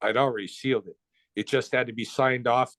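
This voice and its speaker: A man's voice: medium pitch, fairly even intonation, brisk, a bit bright, no room sound. A man being interviewed, telling a story in casual speech, blunt and profane with slang.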